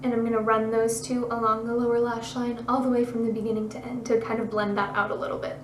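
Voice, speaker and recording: Young woman, beauty tutorial, chatty and a bit hoarse, slightly high voice, echoey room, mic at a distance. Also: level tone, fast, a little hiss or hum. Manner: chatty, bubbly, self-deprecating asides. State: losing her voice, slightly hoarse. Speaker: beauty vlogger. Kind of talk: casual makeup tutorial talk-through.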